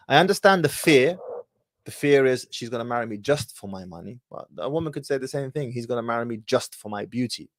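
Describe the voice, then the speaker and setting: A man's voice: medium pitch, dry recording, studio quality. A man hosting an advice call-in show, speaking confidently and directly, with Arabic phrases mixed in. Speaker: host.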